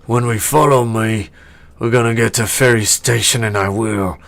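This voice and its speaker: A man voicing a brash male orc adventurer in a tabletop game, loud and raised in pitch. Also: fairly even intonation, normal speed.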